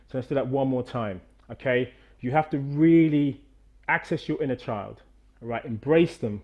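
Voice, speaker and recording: Animated man coaching over a video call. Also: mid-range voice, fairly quick, dull audio. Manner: animated, coaching, strains loudly on repeated counts. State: out of breath after exercise. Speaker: movement coach. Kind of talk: energetic guided demonstration.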